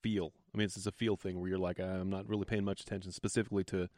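Low-voiced man hosting a radio chat. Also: little pitch movement, a little mellow, no echo, clean studio sound. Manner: curious questioner, halting restarts, encouraging. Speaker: radio show host. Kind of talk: casual radio interview.

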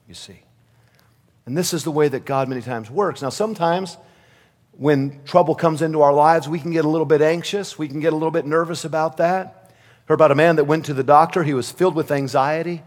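High-voiced preacher in an echoing church. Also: male voice, brisk. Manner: storytelling preacher who acts out voices, rising to fervent pleas. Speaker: pastor. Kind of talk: sermon. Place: church sanctuary. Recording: long reverb of a church hall.

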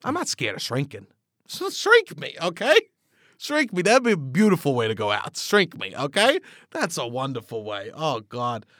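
A man's voice: medium pitch, wildly swooping pitch, moderate pace, few pauses, pushed and bright, no room sound, studio quality, heavily acted. A man playing an anxious, insecure male sock who confides his fears with earnest, rambling drama. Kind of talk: improvised comedic interview.

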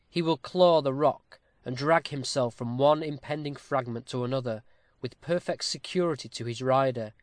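Guy reading an old novel aloud, even formal pace, dry close mic. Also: mid-range voice, no room sound. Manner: steady, formal storytelling cadence. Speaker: audiobook narrator. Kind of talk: scripted narration of a classic novel.

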